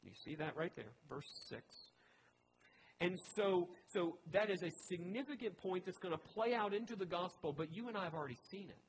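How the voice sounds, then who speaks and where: Higher-voiced man preaching conversationally. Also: expressive, brisk, slight background noise, poor audio. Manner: chatty and joking, with asides to the listeners. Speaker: pastor. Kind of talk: conversational teaching sermon.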